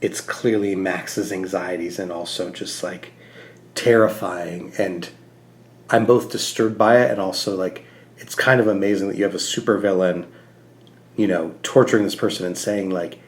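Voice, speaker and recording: A man's voice: low-pitched, fairly even intonation, normal speed. A man co-hosting a podcast, talking earnestly and animatedly about a comic, with frequent "like" fillers. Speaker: podcast co-host. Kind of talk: casual podcast discussion.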